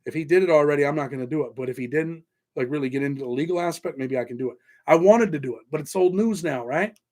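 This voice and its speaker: A middle-aged man with a Southern-tinged American accent and a voice sitting a little high for a man. He hosts a casual livestream, rambling loosely between viewer questions and thanking people by name. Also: fast, a little mellow. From New York. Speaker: host.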